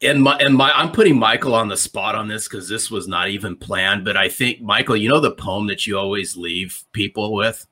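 A male co-host wrapping up a panel, warm and appreciative. His low voice has a bright, sharp edge. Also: normal speed, few pauses, slightly rough. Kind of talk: casual panel chat.

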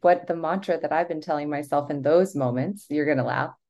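A woman's voice: low voice, brisk, warm tone. A woman guest on a podcast, telling stories animatedly and acting out her own thoughts in quotes. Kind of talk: casual conversation.

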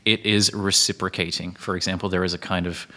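A man's voice: level tone, a little fast, pushed and bright. A young man co-hosting a podcast, explaining the meaning of a word in a casual way. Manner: explains vocabulary plainly, drops lower when defining. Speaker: podcast co-host.

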